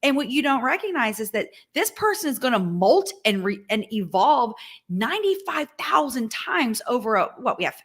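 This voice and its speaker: A woman's voice: on the high side, sing-song, moderate pace. A woman in her forties, a business owner talking earnestly and emphatically in a heartfelt conversation, often restarting her sentences.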